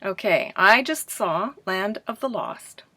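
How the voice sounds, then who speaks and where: A woman's voice: mid-range voice, animated, bright, forceful tone. A woman teaching a pronunciation lesson in a staged classroom, asking questions and answering them herself as if students replied. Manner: clear, deliberate teacher delivery.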